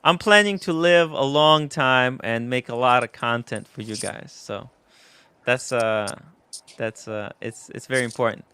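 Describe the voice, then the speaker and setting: A man hosting a casual live stream, chatting excitedly, laughing often and thanking viewers. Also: mid-range voice, measured pace, smooth, no room sound. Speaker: host.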